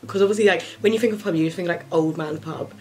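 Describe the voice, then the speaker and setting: A woman's voice: fairly low pitch, fast, a little mellow. A young woman chatting to camera in her bedroom, telling a story full of fillers. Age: young adult. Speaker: vlogger. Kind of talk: casual chat to camera.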